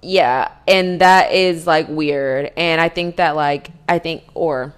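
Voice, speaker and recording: A woman's voice: deep voice, takes it slowly, smooth. A young woman co-hosting a casual chat about reality TV, rambling and restarting her thoughts. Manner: rambling, restarts, many fillers like "like" and "you know". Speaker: podcast co-host.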